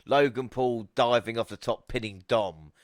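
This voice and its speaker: A man's voice: mid-range voice, normal speed. A man co-hosting a podcast in casual chat, laughing often and swearing freely. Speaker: podcast co-host.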